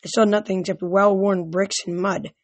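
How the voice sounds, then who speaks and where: An amateur reader narrating a novel in first person, halting and often restarting sentences. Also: mid-range voice, steady tone, no room sound. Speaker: audiobook reader. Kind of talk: amateur audiobook reading.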